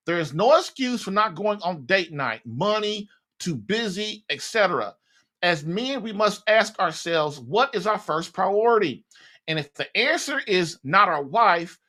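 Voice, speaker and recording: A man's voice: high-pitched, pushed and bright. Blunt, folksy man giving marriage advice. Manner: blunt, folksy, laughs at his own points. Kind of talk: casual advice monologue.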